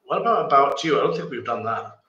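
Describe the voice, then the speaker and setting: A man's voice: mid-range voice, animated, fast, pushed and bright, muffled recording. A man in a casual podcast chat, tossing in teasing jokes and short interjections. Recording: roomy echo.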